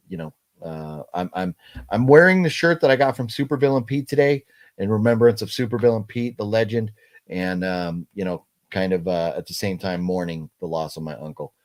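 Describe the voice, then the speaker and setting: A middle-aged man hosting a casual livestream chat, talking haltingly with many fillers and restarts while he reads out viewer comments. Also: low-pitched, darkish tone. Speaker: livestream host.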